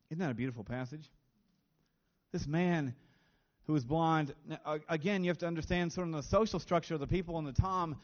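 Male pastor, fairly high voice, earnest sermon delivery, muffled lo-fi recording. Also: a little fast. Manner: earnest, repeats words when stressing a point.

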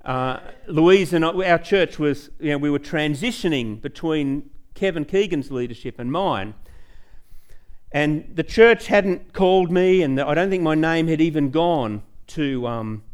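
A middle-aged pastor with a fairly high voice preaches in a church. He tells stories about his own life with plenty of animation, and his voice rises as he gets caught up in the account. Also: unhurried, clean tone. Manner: storytelling, animated, rising excitement. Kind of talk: sermon with personal stories.

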